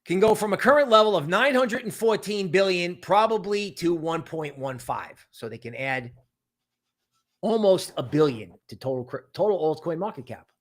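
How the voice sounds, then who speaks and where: A man hosting a casual crypto market stream, talking in an animated, rambling way full of asides. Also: sits high, normal speed. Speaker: crypto market show host.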